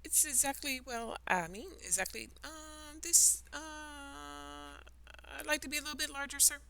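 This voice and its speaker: A woman's voice: high voice, measured pace, vocal fry, pushed and bright, slight background noise, voice pushed up, exaggerated voice. A woman voicing a young girl from a storybook, hesitant and stumbling over her words. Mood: flustered. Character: young girl, polite but easily flustered. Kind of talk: children's storybook reading.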